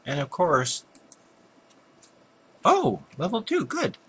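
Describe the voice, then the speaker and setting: A man's voice: sits high, wildly swooping pitch, takes it slowly, fairly bright tone, breathy edge. An older man casually talking through a computer game, muttering at monsters and apologizing for his yawns. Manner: chatty, muttering at enemies, frequent yawns and apologies. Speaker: gameplay commentator.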